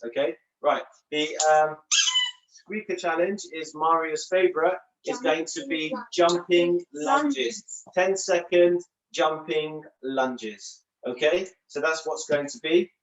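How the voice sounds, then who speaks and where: A woman leading a live home fitness class for children, cheerful and encouraging as she calls out moves. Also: low-pitched. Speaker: fitness instructor. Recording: echoey distant lo-fi room mic.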